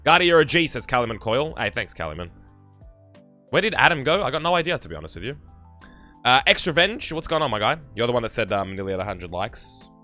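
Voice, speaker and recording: A man's voice: mid-range voice, sing-song, fast talker, bright, forceful tone, faint music behind. A young Australian man with an Australian accent, chatting on a live game stream and reading viewer comments aloud in a rambling way. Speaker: gaming streamer.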